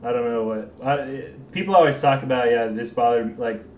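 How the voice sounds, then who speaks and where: A man running a segment of a casual movie review, relaxed and easygoing. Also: medium pitch, a little fast. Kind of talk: casual podcast banter. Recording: echoey room with faint noise.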